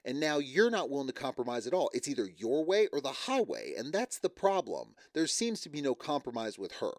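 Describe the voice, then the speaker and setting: A man's voice: mid-range voice, wildly swooping pitch, a little fast, dry recording. Guy ranting about a reality show, sarcastic, voice jumps up and down a lot, dry close sound. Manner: opinionated, sarcastic, laughs often. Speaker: reality TV recap host. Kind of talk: casual reaction commentary.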